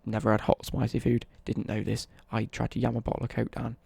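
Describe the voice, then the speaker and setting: Young English male streamer, dark husky gravel, casual rambling anecdote, swears freely. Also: medium pitch, completely flat delivery, a little fast, no room sound. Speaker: livestreamer. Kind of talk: casual storytelling on a livestream.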